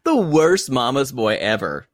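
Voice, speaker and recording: A man in his forties co-hosting a podcast, teasing and quick-witted. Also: mid-range voice, big pitch swings, a little hiss or hum. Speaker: podcast co-host. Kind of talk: casual chat recapping reality TV.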